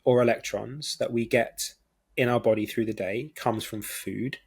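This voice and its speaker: A man's voice: medium pitch, steady tone, normal speed, creaky, slightly rough. A man from Britain hosting a podcast, explaining his ideas in an enthusiastic casual chat. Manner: enthusiastic, explanatory, many fillers. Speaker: podcast host.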